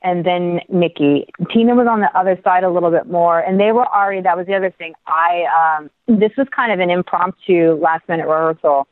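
A middle-aged woman telling a story as an interview guest, lively and animated, with quick asides and restarts. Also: fairly low pitch, no echo. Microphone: phone. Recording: tinny dry phone line.

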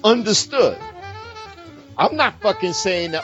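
A man's voice: on the high side, animated, moderate pace, muffled recording, music in the background. A man ranting passionately about politics, swearing constantly and raising his voice as he argues. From United States. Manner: profane, impassioned, ranting. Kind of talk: heated political rant.

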